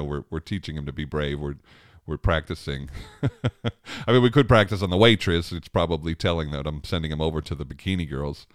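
A man's voice: low voice, no room sound, studio quality. A man in his thirties, a father, telling a family story in a casual, rambling way, chuckling often and restarting his sentences.

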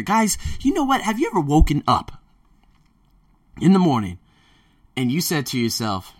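A man hosting a casual monologue podcast as a language teacher working abroad, telling stories in an animated way and swearing freely. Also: on the high side, normal speed, pauses often. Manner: animated storyteller who acts out his own quotes, swears freely. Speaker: podcast host.

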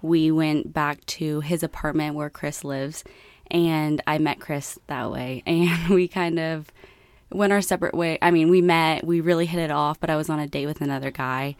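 A young American woman in casual chat, telling a story with lots of laughter and animated quoting. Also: low-pitched, normal speed, clean tone, no echo. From United States. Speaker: co-host.

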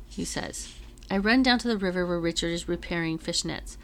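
Teacher lady reading a chapter book out loud, kinda gravelly, measured and dramatic. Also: on the low side. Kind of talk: reading a novel aloud.

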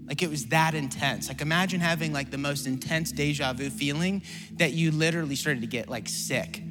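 A man preaching a sermon as pastor. He repeats phrases and calls on the congregation to answer back, swinging from rising, shouted appeals to quiet storytelling. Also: a little high, fairly quick, music in the background. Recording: long hall reverb.

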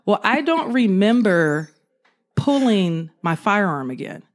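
Animated woman telling a police story. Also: mid-range voice, slow pace. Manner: animated storyteller, acts out quotes. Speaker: former police officer, guest. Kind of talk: casual storytelling interview.

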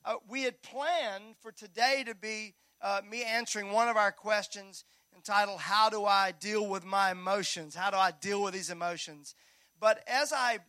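A male pastor preaching a Sunday sermon in a church, energetic and joking with the congregation. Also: high-pitched, no room sound. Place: church sanctuary.

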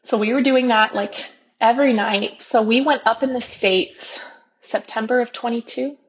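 Woman in her 30s, podcast guest, candid animated storyteller, slightly dull lo-fi sound. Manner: animated, acts out her own inner dialogue with quick pitch jumps.

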